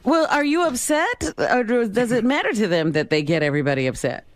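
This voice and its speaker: A man co-hosting a radio talk show, tossing in quick joking asides. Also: high-pitched, sing-song, a little hiss or hum. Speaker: radio co-host. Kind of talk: casual talk radio banter.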